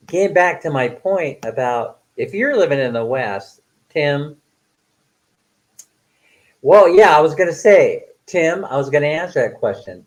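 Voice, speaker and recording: A man's voice: medium pitch, low-quality recording. Chatty retired man reading live chat. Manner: chatty, laughs often, many fillers. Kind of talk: casual live-stream chat.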